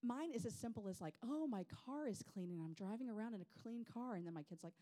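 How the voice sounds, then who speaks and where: A woman's voice: on the high side, fast talker. Chatty woman speaker. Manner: animated, self-deprecating, chatty with many fillers. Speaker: women's ministry speaker. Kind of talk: personal storytelling talk.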